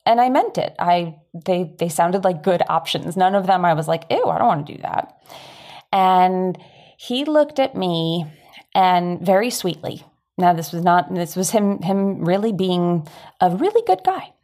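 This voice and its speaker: Chatty woman, mellow voice. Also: on the low side, lively intonation, measured pace. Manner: candid, chatty, self-deprecating. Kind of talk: personal storytelling talk.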